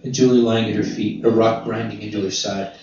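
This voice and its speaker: A man reading literary fiction aloud in a measured, unhurried way. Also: fairly low pitch, fairly even intonation, darkish tone. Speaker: narrator. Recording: roomy distant dull recording with guitar.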